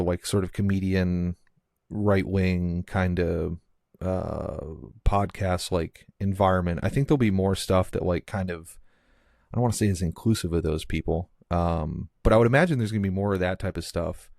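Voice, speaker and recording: A man's voice: deep voice, steady tone, moderate pace, creaky, darkish tone, no room sound, studio quality. A man hosting a casual movie podcast, rambling with many restarts and filler words. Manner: rambling, heavy use of "like" and restarts. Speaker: podcast host.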